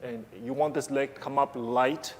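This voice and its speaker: A man's voice: mid-range voice, fairly even intonation, moderate pace, slight background noise. A man teaching a ballet class, counting beats aloud and calling out cues between short explanations. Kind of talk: live dance class instruction. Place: large dance studio. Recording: echoey studio, piano music behind.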